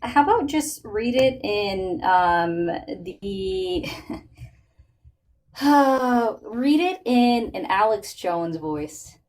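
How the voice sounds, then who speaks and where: A woman's voice: a little high, lively intonation, extremely slow, a little mellow. Playful teasing woman co-host. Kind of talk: live-stream banter.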